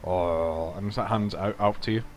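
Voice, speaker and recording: A man's voice: low-pitched, unhurried, a little mellow, slight background noise. A man running a tabletop role-playing game as game master, narrating playfully with stammering restarts.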